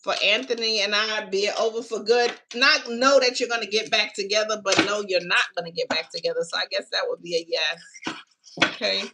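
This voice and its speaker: A woman's voice: mid-range voice, steady tone, a little fast, background noise. A woman giving a casual live-stream tarot reading, who chats unhurriedly with viewers and calls them baby and honey. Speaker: tarot reader taking live questions.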